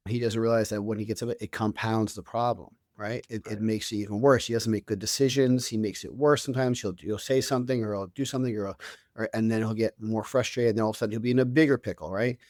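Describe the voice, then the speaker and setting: A man's voice: fairly low pitch, steady tone, fast, a little mellow, dry recording, studio quality. A man in his thirties, a guest on an interview show, telling stories in a casual, conversational way with many restarts and fillers. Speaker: guest, author and youth coach.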